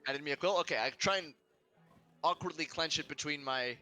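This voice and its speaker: A man's voice: fairly high pitch, brisk, bright, forceful tone. A man playing a tabletop role-playing game, describing his character's actions and thinking aloud. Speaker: player.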